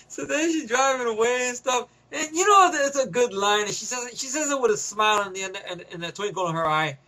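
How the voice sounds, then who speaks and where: High, bright-voiced casual male reviewer. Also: expressive, normal speed. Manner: loose and profane, chuckling often. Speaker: movie reviewer. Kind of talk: casual spoken movie review.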